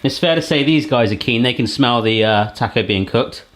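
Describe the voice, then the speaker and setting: A man's voice: medium pitch, normal speed, a bit bright. A man, chatting playfully to viewers as he tests kitchen gadgets in a casual vlog. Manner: playful, jokey, talks straight to viewers. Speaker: cooking gadget reviewer.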